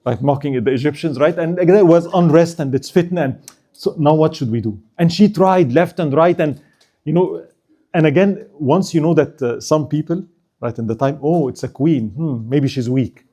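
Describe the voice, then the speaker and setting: A male lecturer telling a history story to a mosque audience. His voice sits slightly high for a man, with a mellow, warm tone. He keeps things lively with rhetorical questions and short acted-out lines. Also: normal speed. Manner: animated, rhetorical questions, acts out characters.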